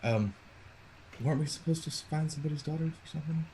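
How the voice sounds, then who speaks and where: A man's voice: fairly high pitch, fast, dark tone, slight background noise. A man playing a tabletop game, rambling with giggles. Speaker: player. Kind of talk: casual tabletop play.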